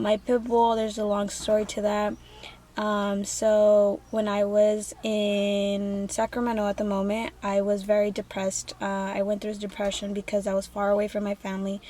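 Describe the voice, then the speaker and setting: Young woman chatting casual vlog style, cussing a lot, lots of likes and ums, flat delivery, faint hum behind. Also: mid-range voice. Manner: candid and profane, with many fillers like "like" and "um". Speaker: vlogger. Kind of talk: casual get-to-know-me vlog.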